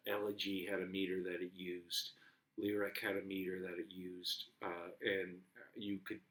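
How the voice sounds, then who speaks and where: Male professor, lecture delivery, low-set but sharp tone, rambling and self-correcting. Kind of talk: recorded lecture.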